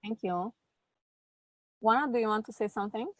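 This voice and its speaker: A woman facilitating a group session, guiding participants through an exercise with slow, instructive prompts. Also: a little high, no echo. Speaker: workshop facilitator.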